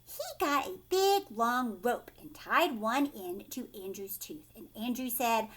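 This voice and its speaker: A teacher reading a picture book aloud to children, pausing to ask her young listeners questions. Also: on the high side. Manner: animated, talks to young listeners.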